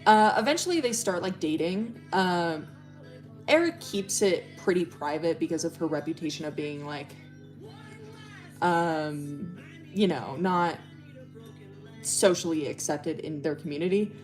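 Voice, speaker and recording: A young woman chatting on a livestream in a fairly low voice. She rambles through a story, packing it with fillers and casual swearing. Music plays faintly in the background. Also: unhurried, pauses often. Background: faint music playing.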